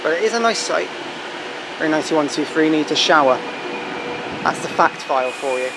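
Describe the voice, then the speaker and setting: A man's voice: a little high, a little fast, gravelly. Chatty man over train noise. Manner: chatty, excitable, self-deprecating asides. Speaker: trainspotting vlogger. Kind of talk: casual live commentary on passing trains. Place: busy railway station platform. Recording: loud station noise from trains.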